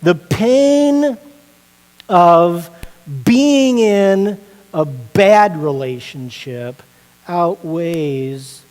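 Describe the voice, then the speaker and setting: A male pastor preaches in a chatty, joking, storytelling way, often asking the room questions. His speaking voice sits fairly high. Everything carries a long reverb, as in a large hall. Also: a little mellow. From Indiana. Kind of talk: sermon.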